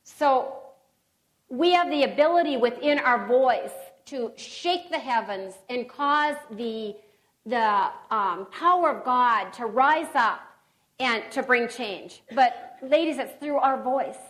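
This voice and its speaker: Middle-aged woman preacher, earnest and exhortative, fairly high voice, slow delivery. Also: fairly bright tone, low-quality recording. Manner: earnest, exhortative, reads scripture aloud with pauses and restarts. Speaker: speaker at a women's gathering. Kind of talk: sermon.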